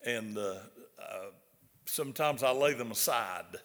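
Older Southern preacher in a reverberant hall. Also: male voice, mid-range voice, unhurried, a bit bright. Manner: folksy, repeats words, asks the audience questions. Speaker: pastor. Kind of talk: sermon. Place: large hall.

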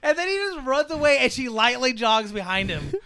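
A man's voice: very high-pitched, big pitch swings, brisk, crowd noise. A young man chatting casually about a movie, rambling and profane, full of "like" and laughs.

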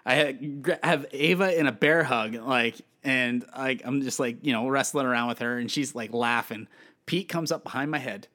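A man in his thirties co-hosting a podcast, telling stories in a lively, chatty way with plenty of fillers. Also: medium pitch, normal speed. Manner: animated storytelling with many fillers. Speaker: podcast co-host. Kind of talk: casual chat.

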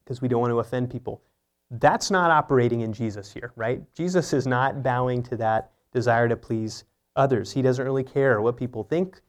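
A man's voice: medium pitch, normal speed. A man preaching an earnest, teaching sermon, often asking rhetorical questions. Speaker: pastor.

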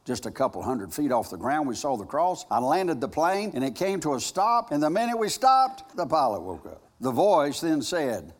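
A male pastor preaching a sermon, telling a story dramatically and moving between loud and hushed delivery. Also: a little high, very animated, normal speed, few pauses. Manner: dramatic storytelling with big swings in loudness. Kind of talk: sermon with a retold personal story.

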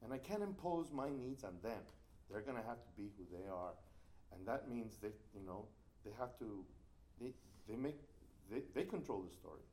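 A man tells a story in a lively, sweeping voice that leaps up and down as he recalls his past. He talks like a storyteller, restarting phrases and bouncing from point to point. A faint hiss of room noise sits behind him. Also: mid-range voice, moderate pace. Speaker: playwright and writing workshop teacher. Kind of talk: animated anecdotal storytelling.

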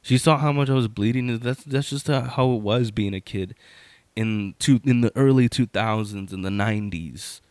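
A man's voice: lowish voice, normal speed, a little mellow, no echo. A man in his thirties telling a childhood story in a casual, rambling way, full of fillers and restarts.

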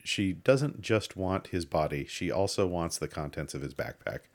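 Wry, joking man with a lowish voice. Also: lively intonation, normal speed. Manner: wry, joking commentary, laughs often. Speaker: podcast co-host. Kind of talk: casual movie recap chat.

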